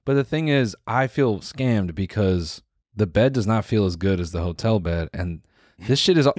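A man's voice: lowish voice, animated, moderate pace, darkish tone, dry recording, studio quality. A man co-hosting a podcast who tells stories in a slangy, profane, casual way. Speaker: podcast co-host. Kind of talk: casual chat.

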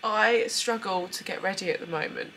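A woman's voice: medium pitch, moderate pace, fairly bright tone, slight background noise. A young British woman chatting candidly to camera at home, emotional and a little tearful. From United Kingdom. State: tearful, runny nose. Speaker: beauty vlogger. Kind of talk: casual chat to camera. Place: at home, indoors.

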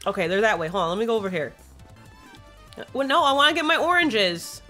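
A woman's voice: mid-range voice, very animated, fairly quick, long pauses, bright, forceful tone, faint music behind. A young woman playing a video game and commenting casually, bubbly, gushing and self-deprecating. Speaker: gaming streamer. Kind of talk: casual let's-play commentary.

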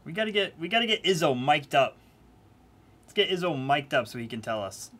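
A man's voice: on the high side, big pitch swings, brisk, pushed and bright. A man hosting a live trading-card break, chatting casually and teasing his viewers in a playful way. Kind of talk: casual live-stream commentary.

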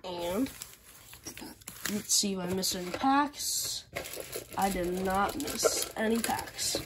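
A woman's voice: mid-range voice, background noise. A woman hosting her channel in a casual unboxing chat at home, who has the hiccups and lists items one by one. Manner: unhurried, listing items one by one. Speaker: channel host. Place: at home, indoors. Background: faint TV sound and packaging crinkles.

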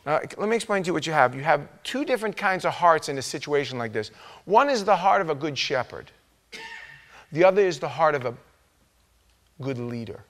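A man preaching a sermon as pastor, telling stories in an animated way and acting out quoted voices with sudden loud outbursts. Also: fairly high pitch, a little fast, long pauses. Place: church sanctuary.

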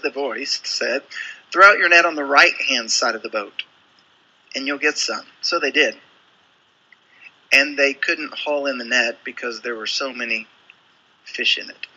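A man's voice: mid-range voice, pushed and bright, slightly rough, poor audio. A man preaching a sermon, telling a Bible story and acting out the quoted lines. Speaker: pastor.

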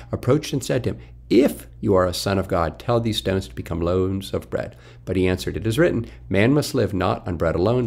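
A man's voice: fairly low pitch, gravelly, a little mellow. A man teaching from the Bible, reading scripture aloud and then explaining it with emphatic questions. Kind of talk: Bible study commentary.

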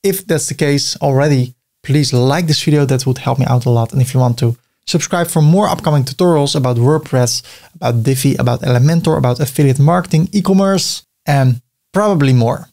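A man explaining a website builder step by step in a screen-recorded tutorial, thinking aloud as he clicks, with a few filler pauses. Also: medium pitch, darkish tone. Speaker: web design tutor.

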